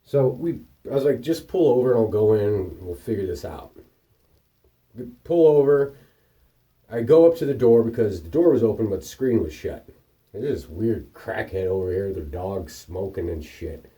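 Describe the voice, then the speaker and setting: A man's voice: on the low side, moderate pace, recorded from a distance, dull audio. Profane, rambling man telling stories. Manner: profane, rambling anecdotes with animated quoted voices. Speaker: vlogger. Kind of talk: casual storytelling monologue.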